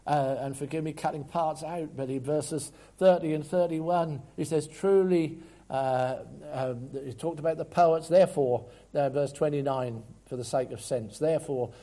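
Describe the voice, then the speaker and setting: A man preaching a sermon earnestly, rising to loud emphasis and dropping to quiet asides. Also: fairly high pitch, steady tone, moderate pace, hardly any pauses.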